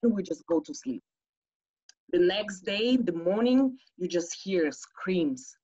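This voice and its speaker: A woman telling a personal story on a stage show, animated, acting out the voices she quotes. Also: lowish voice, takes it slowly, husky. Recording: slightly dull lo-fi audio.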